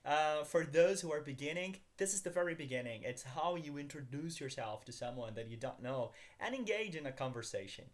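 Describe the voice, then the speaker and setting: A man's voice: on the high side, animated, fairly quick, few pauses. A man teaching a beginners' language lesson, upbeat, calling his viewers guys and asking them to repeat after him.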